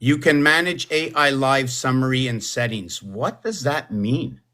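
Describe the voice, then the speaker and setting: A man hosting a relaxed livestream from home in a mid-pitched voice. He wanders from thought to thought, musing aloud about words and numbers as they occur to him. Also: measured pace. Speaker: livestream host. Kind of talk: casual livestream chat.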